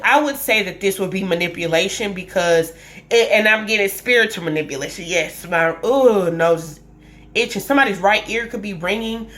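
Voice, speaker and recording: This tarot reader talks to camera in a casual session, her mid-range voice carrying a fairly bright tone. She is emphatic and repetitive, circling back over her points as she works through them out loud.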